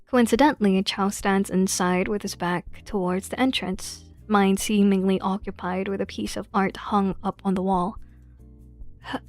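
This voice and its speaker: A woman streamer reading a story game's narration aloud in a slow, hushed way, breaking off for blunt, swearing asides. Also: medium pitch.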